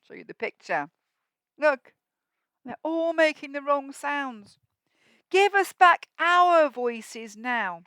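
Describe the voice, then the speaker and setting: A woman teacher reading a rhyming picture book to young children at a school assembly, expressive and asking them questions so they join in. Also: sits high, slow pace, no room sound. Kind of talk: storybook read-aloud for young children.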